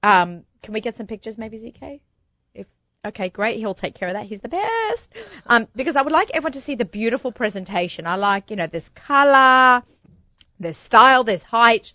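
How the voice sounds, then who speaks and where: A woman's voice: fairly high pitch, expressive, fairly quick, no echo. A woman with an Australian accent hosting a casual radio interview, chatty and laughing often. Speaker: radio show host. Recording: dull lo-fi studio sound, dry.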